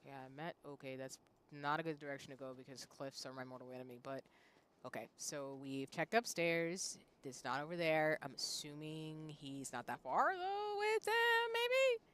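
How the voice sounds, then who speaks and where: A streamer in their thirties chats casually while playing a game, talking back to the on-screen characters. The voice is mid-range and smooth, with fairly even intonation, a moderate pace and a fairly bright tone. Faint music plays in the background.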